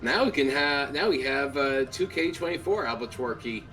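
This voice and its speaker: A man's voice: medium pitch, expressive, moderate pace, sharp tone, faint music behind. A man chatting casually and joking with a streamer during a game. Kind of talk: casual chat.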